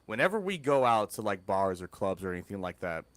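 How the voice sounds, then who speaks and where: A man's voice: fairly low pitch, a little fast, no echo. A man co-hosting a podcast, telling stories animatedly in casual, profane banter. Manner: animated storyteller, profane, mimics people. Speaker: podcast co-host.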